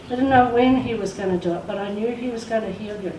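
A woman's voice: medium pitch, quick pace, warm tone. Woman sharing a heartfelt testimony from the pulpit, recorded from afar in a reverberant space. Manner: emotional storytelling, acts out quoted voices. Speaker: church speaker sharing a testimony. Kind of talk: testimony in a church service. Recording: echoey room, far from the mic, faint noise.

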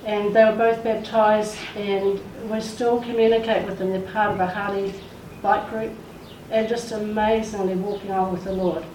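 In a reverberant church, a woman shares her testimony from the pulpit with emotional storytelling, acting out quoted lines. She speaks at medium pitch and normal speed with a level, darkish tone and few pauses. The mic is far off, and faint noise is audible.

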